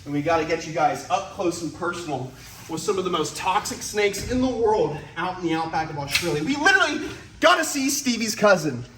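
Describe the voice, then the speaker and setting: His high, expressive voice comes out pushed and bright as this reptile vlog host talks fairly quickly to camera at a snake facility, eager and slightly out of breath. The casual recording sounds roomy and distant, with faint ambience and slight background noise.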